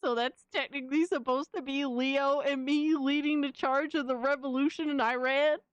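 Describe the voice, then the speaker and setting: A woman's voice: sits high, fairly even intonation, normal speed, no room sound, dull audio. A young woman streamer reacting casually to fan images, slangy and exclamatory, often laughing.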